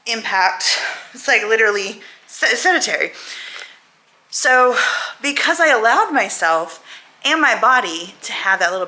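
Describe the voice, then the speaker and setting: A chatty woman with a drawl talks straight to her viewers, upbeat and easygoing. Her voice sits in a middle pitch, and now and then she sounds a bit winded from walking. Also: pushed and bright. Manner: chatty and upbeat, says "y'all" and "girl". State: out of breath while walking. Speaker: weight-loss vlogger. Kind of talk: casual chat to camera.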